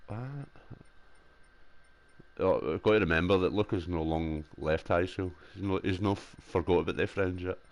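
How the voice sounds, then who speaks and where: A man's voice: sits low, normal speed. A young man with a Glasgow accent, chatting casually over a headset while gaming, swearing freely and laughing often. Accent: Scottish (Glasgow). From Scotland. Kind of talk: casual chat.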